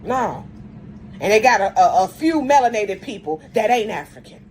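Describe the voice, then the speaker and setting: A woman talks straight to her viewers in an emphatic, lecturing monologue. She repeats her points and opens phrase after phrase with "see" or "look." Her voice sits at an ordinary middle pitch for a woman. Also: expressive, normal speed, a little mellow, slight background noise, low-quality recording.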